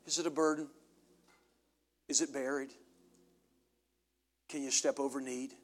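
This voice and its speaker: A middle-aged pastor preaching a sermon, swinging from loud preaching to low, confessional storytelling. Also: male voice, flat delivery, unhurried. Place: church sanctuary.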